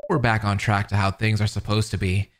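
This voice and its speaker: A man voicing an obsessive male stalker boyfriend from a game, speaking in a calm, smug, quietly menacing way. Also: on the low side, a little fast, pitched below the performer's own voice, close to an everyday voice.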